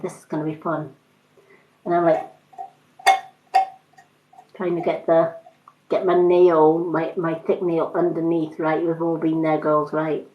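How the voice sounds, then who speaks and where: Woman, casual live-stream chat, rambling storyteller, frequent fillers, slightly dull recording. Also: lowish voice. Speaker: makeup and skincare seller. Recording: roomy, slightly dull sound.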